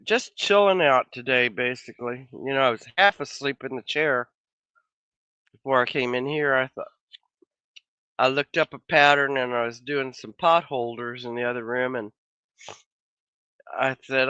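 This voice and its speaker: A man hosting a casual livestream chat from a home office, a bit hoarse from losing his voice, talking in an easygoing, rambling way with many trailing restarts. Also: mid-range voice, normal speed, long pauses, pushed and bright, no room sound. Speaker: livestream host. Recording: slightly dull lo-fi sound.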